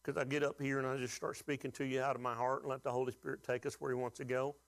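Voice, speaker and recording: A pastor with a mid-range voice talks fast in a flat delivery as he preaches a sermon. He mixes in folksy humor, acts out quoted voices, and poses call-and-response questions to the congregation.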